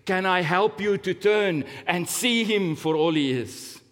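A man preaching a sermon, telling a story slowly and dramatically, with big rises and drops in pitch and volume. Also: a bit bright. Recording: long hall reverb.

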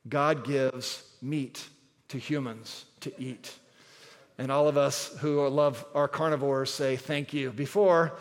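Brief: male pastor, fairly high voice, emphatic sermon delivery, long hall echo. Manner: emphatic, repeats key words, shifts between loud and soft.

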